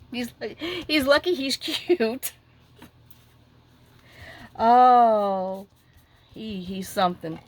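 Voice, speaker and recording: A middle-aged woman, chatting casually as she crafts at her desk at home and rambling through a lively story with lots of asides. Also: medium pitch. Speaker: crafting vlogger.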